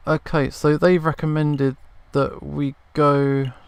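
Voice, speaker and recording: A man's voice: a little high, flat delivery, slow pace, creaky, clear, resonant tone, dry recording. A man commentating his game playthrough, thinking aloud and second-guessing himself. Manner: thinking aloud, self-doubting. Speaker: let's play gamer.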